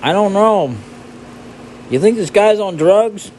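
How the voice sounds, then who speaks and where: A man putting on a high, mocking heckler. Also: slow pace, darkish tone, slight background noise. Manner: scoffing, mocking. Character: mocking male onlooker heckling the player.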